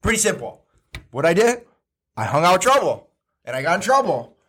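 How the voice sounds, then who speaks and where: A man's voice: high-pitched, sing-song, brisk, fairly bright tone, slightly rough. A man hosting a casual interview chat, blunt and swearing freely, repeating his phrases for emphasis. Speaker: host.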